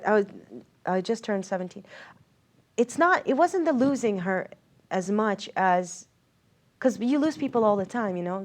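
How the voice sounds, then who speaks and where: A woman's voice: medium pitch, a little mellow. Earnest woman telling a personal story. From Israel. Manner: earnest, reflective, many fillers and restarts. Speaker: interview guest. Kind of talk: candid personal storytelling in a sit-down interview.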